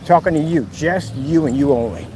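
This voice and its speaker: A man's voice: on the high side, moderate pace. A man talking casually while walking outdoors, mocking and teasing in a playful way. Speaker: vlogger. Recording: outdoor traffic noise.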